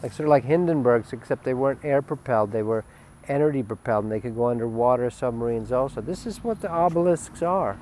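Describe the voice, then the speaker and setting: Brief: man, mid-pitched, emphatic and rambling spiritual talk, faint traffic behind. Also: quick pace. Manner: emphatic and rambling, swings from loud to hushed. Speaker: spiritual teacher. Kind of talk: spiritual webcast monologue.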